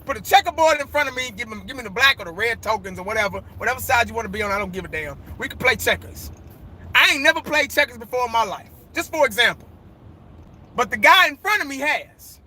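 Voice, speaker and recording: A man's voice: extremely high pitch, sing-song, quick pace, bright, forceful tone, a little hiss or hum, poor audio. A man, a sports fan, giving a casual, profane rant in street slang.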